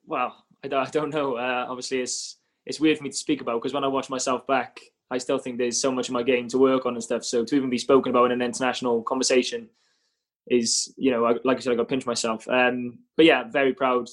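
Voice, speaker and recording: Flat-toned Welsh man, modest. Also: medium pitch, fast. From Wales. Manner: modest, filler-heavy, laughs easily. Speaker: guest rugby player. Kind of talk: casual podcast chat.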